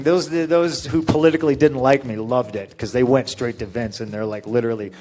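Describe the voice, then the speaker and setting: A man casually telling a story in an interview, animated, acting out what people said with a raised voice. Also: mid-range voice, brisk, slight background noise. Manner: animated, acts out quotes with raised voice.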